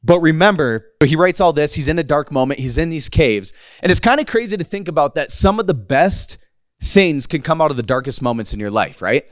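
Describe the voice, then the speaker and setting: A man's voice: a little high, lively intonation, a little fast, dry recording, studio quality. A man in his thirties preaching a casual, conversational sermon to a congregation, slangy and playful, acting out the quotes. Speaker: pastor.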